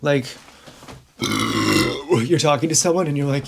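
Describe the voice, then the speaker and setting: A man talks straight into his camera in a long, rambling monologue. He is frank and profane, and laughs often. His voice sits a little high, with faint noise behind it. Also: wildly swooping pitch, takes it slowly, creaky, pauses often, fairly bright tone. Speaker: vlogger.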